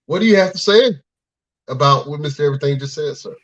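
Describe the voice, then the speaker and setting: A man hosting a wrestling podcast segment, hyping up his guests in an excitable way. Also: on the high side, quick pace, no room sound, highs cut off. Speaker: podcast host.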